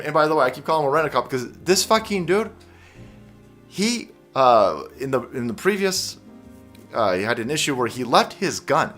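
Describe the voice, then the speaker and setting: A male online commentator delivers a heated political rant in a mid-pitched voice. He swears often and jabs with sarcasm. His delivery stays fired up and combative. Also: fairly bright tone.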